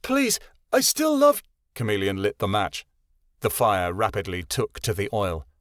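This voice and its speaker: A man reading a fantasy audiobook in a measured, dramatic narration. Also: mid-range voice, dry recording, studio quality.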